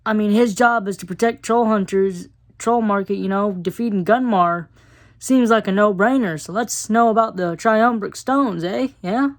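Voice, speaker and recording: A woman's voice: medium pitch, normal speed. Chatty woman reviewing a cartoon episode. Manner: chatty, lots of fillers, amused.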